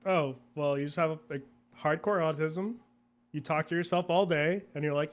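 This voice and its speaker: A young man with a fairly high voice talks through his process in a loose, rambling way. He laughs often and slips into quoting his own past thoughts as little asides. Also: steady tone, moderate pace. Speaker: guest, video creator. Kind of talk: casual interview chat.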